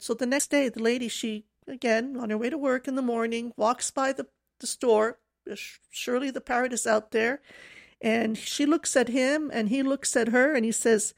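A woman's voice: on the high side, steady tone, normal speed, gravelly. A woman co-hosting a live radio talk show, telling stories in a chatty way with many fillers.

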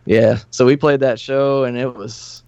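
A middle-aged man, a podcast guest, telling old band stories in a relaxed, profane, laughing way. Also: mid-range voice, unhurried, creaky, no echo. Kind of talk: casual storytelling. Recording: slightly muffled dry studio recording.

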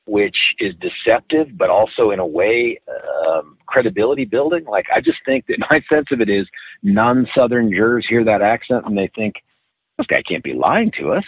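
A middle-aged man, a former prosecutor, telling a case story in a measured, deliberate way during an interview. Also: fairly low pitch, lively intonation, husky, no echo. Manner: measured, deliberate, stretches words for emphasis. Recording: tinny phone-like line.

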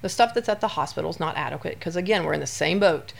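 A woman's voice: sits low, fast talker, vocal fry. A woman who works as an OB-GYN doctor, chatting casually on a podcast and telling long, rambling stories full of "you know.".

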